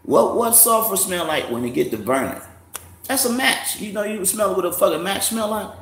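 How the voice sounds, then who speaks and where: A man with a high-pitched, animated voice hosts a casual livestream at a moderate pace, sounding a bit bright. He's profane and mocking and laughs often. The room is echoey, with faint background noise.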